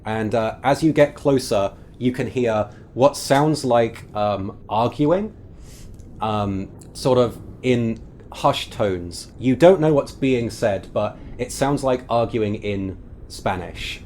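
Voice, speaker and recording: A man's voice: mid-range voice, slow, darkish tone, slight background noise. A man running a tabletop game as game master, describing scenes at length with frequent fillers.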